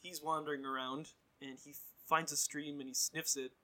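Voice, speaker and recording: A man's voice: fairly high pitch, level tone, moderate pace, bright, forceful tone. A man casually recapping a TV episode as a podcast co-host, with dry, laid-back asides. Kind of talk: casual chat.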